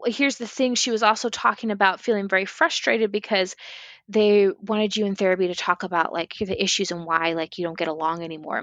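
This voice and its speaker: A woman guest on a podcast telling a personal story in a candid, expressive way, often saying "like". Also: on the low side, no echo. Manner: candid, expressive, fills speech with "like".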